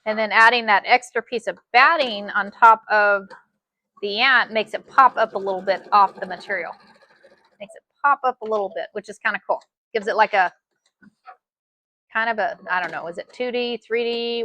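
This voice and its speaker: A woman's voice: mid-range voice, normal speed, pushed and bright. A woman teaching a live sewing tutorial, chatty and folksy, often saying "y'all.". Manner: chatty, says "y'all" a lot. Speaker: sewing instructor.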